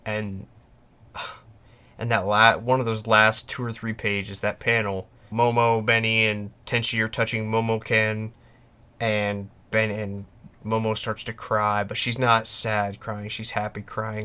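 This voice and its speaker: A man's voice: on the low side, flat delivery, takes it slowly, sharp tone, smooth. A man hosting a casual fan podcast, talking passionately and emphatically, often restarting and acting out quoted lines. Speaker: podcast host. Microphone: podcast microphone.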